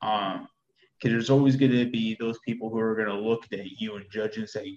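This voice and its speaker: A man's voice: lowish voice, flat delivery, fairly quick, noisy background. A man in his thirties, a soldier, talking candidly in a casual conversation and often repeating words as he thinks. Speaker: soldier guest. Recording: dull echoey room sound.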